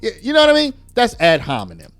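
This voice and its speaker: Animated man commenting on clips. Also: high voice, quick pace, no echo, soft background music. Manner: argumentative, explains step by step with rhetorical asides.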